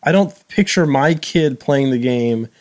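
Male podcast co-host, mid-pitched, stumbling and repeating words, casual chat. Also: lively intonation. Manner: halting, repeats words while searching for them.

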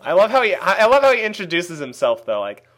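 A man's voice: high-pitched, huge pitch swings, fast, a bit bright. A man hosting a podcast in casual chat, joking, laughing often and mimicking others in quotes. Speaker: podcast host.

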